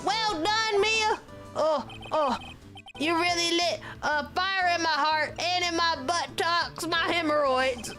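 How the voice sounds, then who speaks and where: A pompous old British gentleman lawyer, as a woman puts him on, gushing theatrically in lofty, high-pitched tones. He's a game character over faint music. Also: slow pace. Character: pompous older British male defense lawyer.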